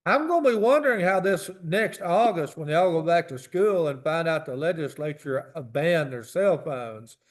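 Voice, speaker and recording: High-pitched sardonic man. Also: expressive, moderate pace, few pauses. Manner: sardonic, acts out little imagined exchanges. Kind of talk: casual podcast chat.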